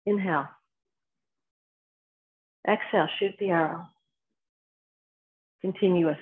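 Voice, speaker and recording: A woman with a New Jersey accent guides a qigong session in brief, paced commands matched to the movements. Her voice sits fairly low, and the recording is thin and tinny, like a phone line. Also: fairly even intonation, slow. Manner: short spoken cues timed to movement. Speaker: qigong instructor. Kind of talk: guided exercise class instruction.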